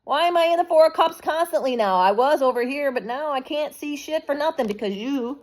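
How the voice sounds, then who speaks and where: Woman doing a bitter, baffled rival, high and indignant, swearing. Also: expressive, fairly quick.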